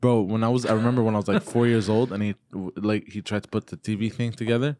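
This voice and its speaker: A man co-hosting a casual podcast, telling stories in a lively, defensive way. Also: lowish voice, fast talker, a little hiss or hum. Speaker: podcast co-host.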